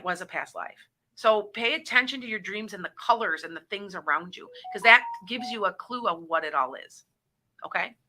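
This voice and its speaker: Woman, middle-aged, show host, casual call-in chat, rambling, very bright tone. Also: on the high side. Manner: rambling, restarts sentences often. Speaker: psychic radio show host. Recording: internet radio show.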